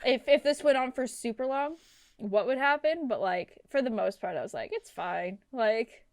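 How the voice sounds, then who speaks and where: Young woman podcast co-host, slightly high voice, rambling and deadpan. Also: moderate pace, no echo, clean studio sound. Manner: rambling, many "like"s, deadpan asides. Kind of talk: casual chat.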